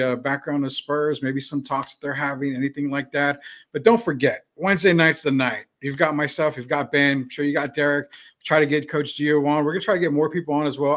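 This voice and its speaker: A man's voice: fairly high pitch, fairly bright tone. A man hosting a casual sports talk show, laid-back and saying "man" often. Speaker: show host.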